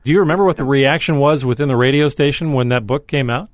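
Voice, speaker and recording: A man's voice: medium pitch, fast talker, no echo. A man interviewing a former radio host, asking questions and giving brief encouraging prompts.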